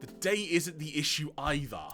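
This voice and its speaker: A man's voice: a little high, expressive, moderate pace, music in the background. A man voicing a wry, flustered male detective, reading game dialogue aloud. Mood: dry.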